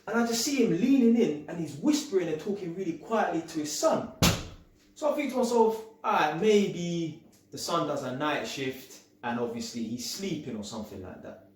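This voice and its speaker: A man's voice: on the high side, normal speed, roomy sound, a little hiss or hum. A young man, telling a casual, slangy story about his work as an electrician and acting out the people in it. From England. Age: young adult. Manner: slangy, animated, acts out quoted people.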